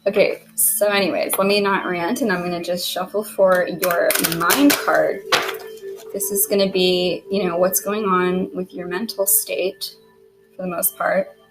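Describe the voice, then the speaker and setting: A woman giving a casual tarot reading, chatty and self-deprecating, who keeps clearing her throat. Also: fairly low pitch, level tone, a little slow, over loud music, poor audio. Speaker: tarot reader.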